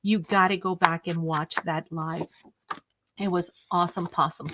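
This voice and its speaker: A woman's voice: on the low side, steady tone, measured pace, heavy background noise. A woman hosting a craft live stream, chatting casually with viewers in an enthusiastic, rambling way.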